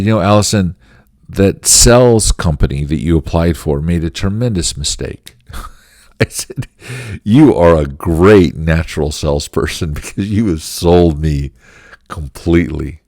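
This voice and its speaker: A middle-aged man with a deep, low voice tells a workplace story as a management lesson. He speaks earnestly and stresses his points. The recording is dry and close, with almost no room sound. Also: a little mellow, no echo. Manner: earnest, emphatic storytelling with short laughs. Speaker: channel host teaching management.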